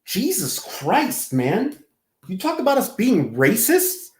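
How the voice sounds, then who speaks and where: A man mocking a clip in a sarcastic, crude reaction commentary with a drawn-out delivery. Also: high voice, huge pitch swings, a little mellow. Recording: roomy, echoey room.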